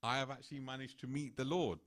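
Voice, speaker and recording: A man's voice: mid-range voice, fairly even intonation, quick pace, natural voice. A man voicing an older holy guru, reflective and awestruck. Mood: amazed. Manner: awed, reflective. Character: older male holy guru, wondering and amazed.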